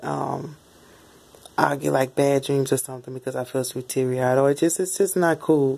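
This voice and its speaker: A woman's voice: deep voice, vocal fry, slightly rough. A woman telling a personal story in a candid, rambling, casual way while lying in bed at home. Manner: rambling, candid, animated retelling. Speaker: spiritual channeler.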